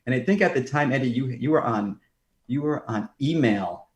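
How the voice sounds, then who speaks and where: Excitable man telling stories, echoey room. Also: normal speed. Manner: excitable storyteller, acts out quotes in a high voice. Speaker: film director, podcast guest. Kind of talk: casual chat.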